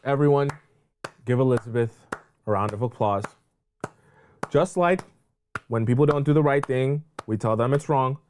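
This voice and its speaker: A man hosting a live dating advice call-in show, ranting loudly and crudely mocking a caller's ex with drawn-out emphatic lines. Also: mid-range voice, a little hiss or hum. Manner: loud, mocking, crude rants. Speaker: dating coach host.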